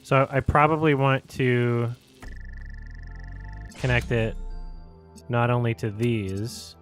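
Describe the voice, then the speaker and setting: Slow-talking man hosting a gameplay stream. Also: medium pitch, soft background music. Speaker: host. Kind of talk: casual chat while playing a game.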